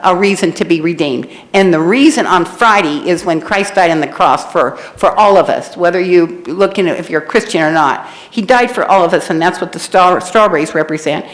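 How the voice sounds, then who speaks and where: Impassioned woman giving public comment. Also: lowish voice. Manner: impassioned, preachy, rambling. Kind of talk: public comment at council meeting. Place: city council chamber.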